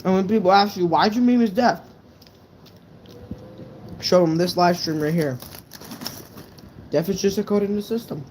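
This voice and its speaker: A man's voice: sits high, moderate pace, long pauses, darkish tone, a little hiss or hum. A young man casually telling a true story on a live stream, rambling and swearing, with lots of "right?" fillers.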